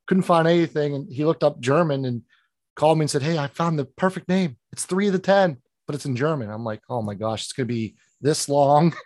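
A man's voice: a little high, brisk, darkish tone, dry recording, studio quality. A man from Pittsburgh with a Pittsburgh accent, a financial planner talking as a guest in an interview, earnest and rambling with many restarts. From Pittsburgh, Western Pennsylvania. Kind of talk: interview conversation.

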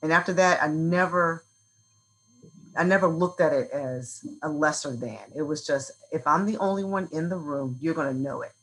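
Animated woman telling a story. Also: sits low, normal speed, rough recording. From Virginia. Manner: animated, acts out quotes from her childhood. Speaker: guest, nonprofit CEO. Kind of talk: storytelling in an interview.

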